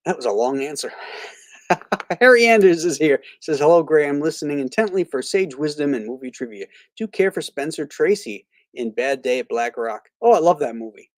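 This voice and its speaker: A man's voice: on the high side, lively intonation, moderate pace, dry recording. Rambling man, dry close mic. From Florida. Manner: rambling, many fillers and restarts; blunt and opinionated. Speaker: host of a live movie stream; reads viewer comments aloud. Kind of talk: casual live-stream chat.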